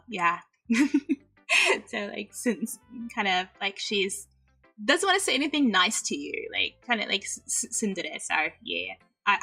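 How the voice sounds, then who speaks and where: A woman's voice: mid-range voice, pushed and bright, slightly rough. A woman streaming a game and chatting casually, bubbly and giggly, sprinkling in Japanese phrases. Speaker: VTuber streamer. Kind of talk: casual livestream chat.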